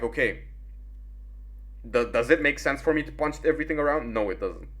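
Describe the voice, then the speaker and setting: A man's voice: medium pitch, lively intonation, fairly quick, fairly bright tone. Rambling, swearing young man. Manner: rambling, heavy fillers and swearing. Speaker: gaming commentator. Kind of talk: casual explainer commentary.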